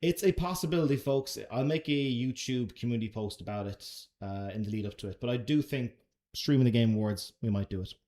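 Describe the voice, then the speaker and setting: A man's voice: mid-range voice, fairly quick, warm tone. An Irish man answering chat questions on a casual live stream, laid-back and chatty, swearing now and then. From Ireland.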